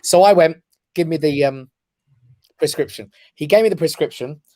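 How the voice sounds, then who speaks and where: A man, a guest on a talk show, telling a personal story with lively emphasis and frequent "right?" check-ins. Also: a little high, normal speed, dry recording, studio quality. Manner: animated storyteller who keeps checking in with "right?". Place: his office.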